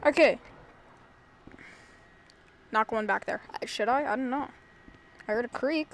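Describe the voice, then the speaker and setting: High-voiced woman gamer reacting jumpily. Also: a little slow, a little hiss or hum. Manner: jumpy, exclaiming, swearing now and then. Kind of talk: let's play commentary.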